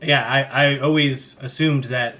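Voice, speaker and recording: A man co-hosting a podcast in casual chat, conversational and quick to laugh. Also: mid-range voice, fairly even intonation, pushed and bright. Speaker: podcast co-host.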